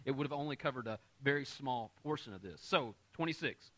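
A man's voice: medium pitch, animated, fairly quick, pushed and bright. A man preaching a sermon as pastor, explaining scripture in everyday terms with light humor and often checking in with his listeners. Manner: conversational preaching with frequent audience check-ins.

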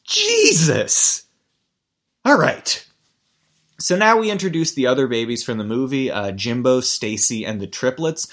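A man's voice: mid-range voice, lively intonation, fairly quick, few pauses. A man hosting a podcast and giving casual, comedic commentary that rambles, swears and keeps interrupting itself. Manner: rambling, profane, self-interrupting.

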